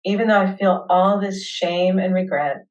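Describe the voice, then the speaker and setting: A woman with a medium-pitched, slightly mellow voice hosts a webinar, guiding listeners through a tapping session with slow, soothing affirmations. She sounds far from the mic, and the audio is poor.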